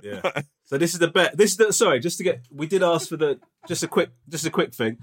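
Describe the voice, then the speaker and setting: A man's voice: on the high side, lively intonation, fast. A man co-hosting a podcast, chatting casually and teasing his friend with jokey banter. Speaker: podcast co-host. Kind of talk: casual comedic chat.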